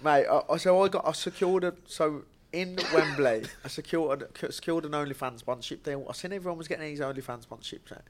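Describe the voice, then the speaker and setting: A man's voice: on the high side, fast talker, few pauses. A young man, a bare knuckle fighter chatting as a podcast guest, telling stories in a rambling way, swearing and laughing often. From Birmingham, England. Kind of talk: casual chat.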